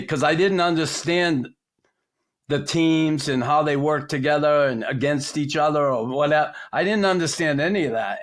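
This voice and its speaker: A male podcast host in a relaxed chat, his voice sitting a little high. He talks loosely, with fillers and restarts. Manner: conversational, many fillers and restarts. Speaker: podcast host, former hockey player. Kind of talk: casual chat.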